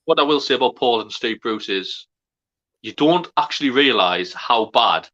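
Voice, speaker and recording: Male fan co-host, animated and sweary, muffled call audio. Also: mid-range voice, moderate pace. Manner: sweary, excitable, shouts at goals. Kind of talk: live football watchalong chat.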